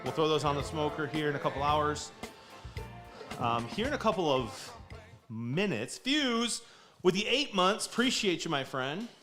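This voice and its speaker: A man hosting a casual live stream from his home kitchen, upbeat and joking, quick to laugh. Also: a little high, sing-song, bright, forceful tone, faint music behind. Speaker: streamer host.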